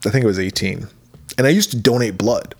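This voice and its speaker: A man's voice: lowish voice, fast, slightly rough. Swearing, storytelling male podcast co-host. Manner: swears often, laughs, animated storytelling. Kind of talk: casual chat.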